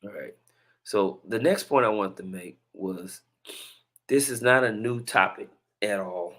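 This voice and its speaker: A man's voice: fairly low pitch, measured pace, fairly bright tone. A man hosting a religious commentary video, talking in a laid-back, slangy way with laughing asides. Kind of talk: casual commentary.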